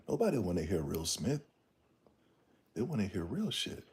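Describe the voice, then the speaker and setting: A man's voice: sits low, big pitch swings, normal speed, darkish tone, husky. A man hosting a casual livestream, ranting bluntly in slangy talk and reading the chat. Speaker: streamer.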